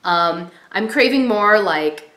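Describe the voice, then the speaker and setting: A woman's voice: medium pitch, animated, takes it slowly, fairly bright tone. Chatty pregnant woman in an echoey room. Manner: chatty, lots of "like" and "you know". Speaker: vlogger. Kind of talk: casual chat.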